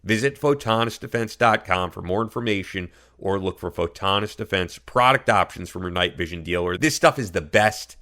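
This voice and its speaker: A podcast host reading sponsor ads with an upbeat, emphatic delivery. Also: male voice, low-pitched, a little fast, hardly any pauses, pushed and bright. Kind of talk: ad read.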